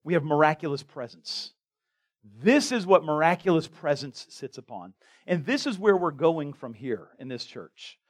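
High-voiced man preaching casually. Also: very animated, normal speed. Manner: conversational preaching, stammering restarts, jokes with the congregation. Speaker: pastor. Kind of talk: sermon. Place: church sanctuary.

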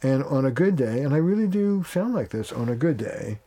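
Mellow-voiced man, plain-spoken therapist. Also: medium pitch, very animated, moderate pace. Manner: plain-spoken, acts out dialogue in quoted voices. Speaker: family therapist, guest. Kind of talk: conversational interview.

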